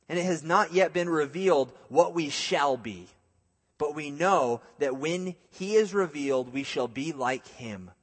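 Man preaching in a reverberant hall. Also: fairly high pitch. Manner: conversational preaching with jokey asides. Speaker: pastor. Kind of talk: sermon.

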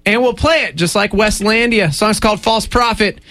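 A man hosting a morning radio show in a studio. His talk is relaxed and joking. When he reads the promos he speeds up. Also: high voice, heavy background noise. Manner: laid-back, jokey, quick promo reads. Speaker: radio host. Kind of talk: casual morning radio banter.

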